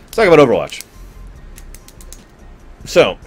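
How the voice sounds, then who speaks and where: A man's voice: a little high, huge pitch swings, takes it slowly, vocal fry, husky, faint music behind. A man streaming and chatting casually with his viewers, rambling and correcting himself as he goes. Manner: rambling, conversational, self-correcting; talks to chat viewers.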